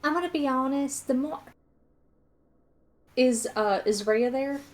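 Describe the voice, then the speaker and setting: A woman's voice: high-pitched, measured pace. Rambling woman player in a tabletop game. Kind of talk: casual tabletop game chat.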